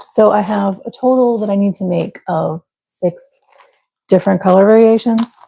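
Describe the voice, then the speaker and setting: A woman's voice: medium pitch, moderate pace, creaky, mellow, slight background noise, rough recording. A young woman hosting a live crochet stream, chatting casually and laughing at herself while she works. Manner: chatty, self-deprecating, talks to viewers while working. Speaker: livestream crochet host.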